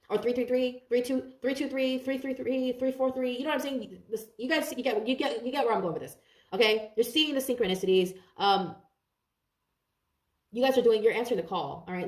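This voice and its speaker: A woman giving a casual tarot reading to camera, swearing freely, repeating herself and rising into animated rants. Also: mid-range voice, reverberant, distant mic. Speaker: tarot reader.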